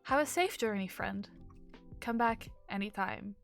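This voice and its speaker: A woman's voice: medium pitch, unhurried, creaky, soft background music. A woman voicing a kindly male hotel keeper who chuckles and talks in an old-fashioned, genial way, in a game.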